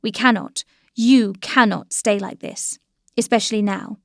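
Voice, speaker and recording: A woman reading the lines of a resolute young male officer in a quiet, persuasive tone. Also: medium pitch, steady tone, unhurried, vocal fry, no room sound, clean studio sound. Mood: earnest. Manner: quiet, earnest pleading.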